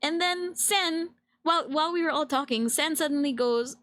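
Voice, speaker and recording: Young Filipina streamer, high bright voice, dry close mic, giggly excitable storyteller. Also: female voice, normal speed, dry recording. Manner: giggly, excitable, mixes in Tagalog phrases. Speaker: VTuber streamer. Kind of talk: late-night casual storytelling stream.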